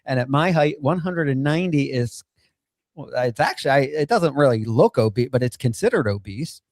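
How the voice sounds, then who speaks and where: A man hosting a casual chat show from home, talking in halting bursts with many restarts and fillers, swearing freely. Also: medium pitch, expressive, a little mellow, no room sound, clean studio sound. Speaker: podcast host.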